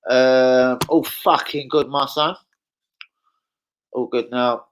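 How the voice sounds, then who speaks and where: Sweary football fan streaming. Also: male voice, mid-range voice, steady tone, slow pace, long pauses, a little hiss or hum, poor audio. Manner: sweary, blunt banter with viewers. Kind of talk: casual live-stream chat.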